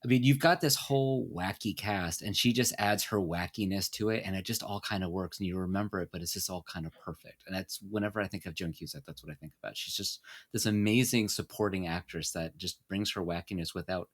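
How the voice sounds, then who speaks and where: Man, podcast co-host, very low voice, earnest and enthusiastic. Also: brisk. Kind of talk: casual film chat.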